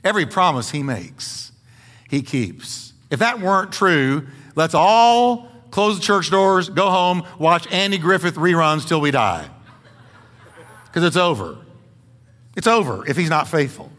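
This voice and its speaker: A man's voice: sits high, lively intonation, normal speed, fairly bright tone, big-room sound. A man preaching a sermon as pastor, stressing points by repeating words and joking with the congregation in a church. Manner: folksy humor with the congregation. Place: church sanctuary.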